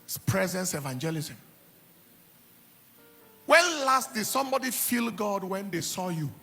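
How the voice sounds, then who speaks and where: A man's voice: sits high, very animated, measured pace, creaky, pushed and bright, breathy edge, soft background music. A middle-aged man preaching a sermon, telling personal stories with emphatic repetition and laughter. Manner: emphatic, repeats words and phrases. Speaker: pastor.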